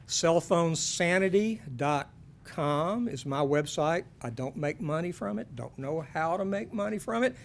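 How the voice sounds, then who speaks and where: Guy giving a parent talk, chatty and joking, voice a bit high. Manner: conversational, folksy, joking asides.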